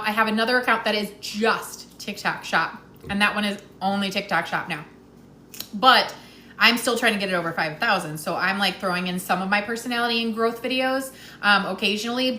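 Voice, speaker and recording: Woman host, chatty live-stream tips, bright tone, echoey room with faint hiss. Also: fairly high pitch. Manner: chatty, laughs often, talks while eating. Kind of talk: casual live-stream chat.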